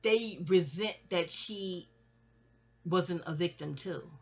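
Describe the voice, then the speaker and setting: Speaking slowly in a low-leaning voice, this storyteller, a woman in her forties, shares family stories in a candid, rambling way. She trails off and starts again, and imitates people when quoting them.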